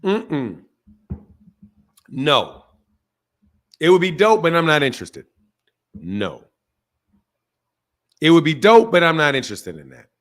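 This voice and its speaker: Man, boxing stream host, casual, slangy, joking, laughs often, a bit high-pitched. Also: sing-song, slow, long pauses, a bit bright. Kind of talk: casual live-stream talk with callers.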